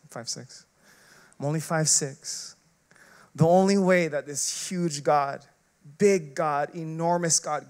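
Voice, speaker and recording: A male preacher with a fairly high voice delivers his sermon in a loose, chatty way. He pours in rhetorical questions and casual filler, then drops to a hush before rising to loud emphasis. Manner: swings between loud emphatic and quiet hushed passages. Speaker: associate pastor.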